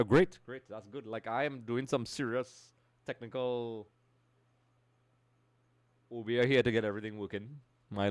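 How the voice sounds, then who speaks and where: A man's voice: medium pitch, clean tone, no echo. Chatty man streaming a game. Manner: chatty, reads and greets the chat. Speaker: gaming streamer. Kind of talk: live-stream commentary.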